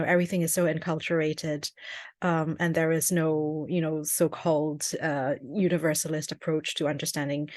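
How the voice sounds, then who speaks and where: Low-voiced woman chairing, hesitant. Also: dry recording, clean studio sound. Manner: hesitant, full of ums and restarts. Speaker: forum chair. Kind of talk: chairing an online discussion. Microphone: video call microphone.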